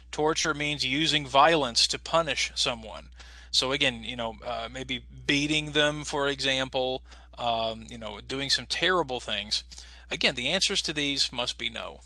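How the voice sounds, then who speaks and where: Very bright-voiced man teaching class. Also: medium pitch, no echo. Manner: patient, explains slowly with many fillers. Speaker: English as a second language teacher. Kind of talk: online class instruction.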